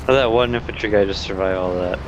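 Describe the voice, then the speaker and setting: A man's voice: on the low side, fast talker, a crowd in the background, background noise. A young man playing a game with a friend, answering with dry sarcastic remarks. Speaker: co-player. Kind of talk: casual gameplay chat.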